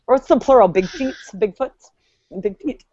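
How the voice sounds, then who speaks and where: Laughing, animated woman on a lo-fi call. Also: fairly high pitch. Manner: animated, laughs often, swears freely. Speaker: podcast co-host. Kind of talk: casual group chat on a video call.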